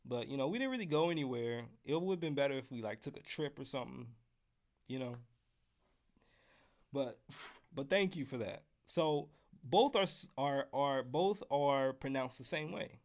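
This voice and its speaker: A man's voice: mid-range voice, lively intonation, moderate pace. Casual American man teaching trumpet scales. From United States. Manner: casual, joking asides to chat. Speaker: trumpet teacher on a live stream. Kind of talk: live-streamed music lesson.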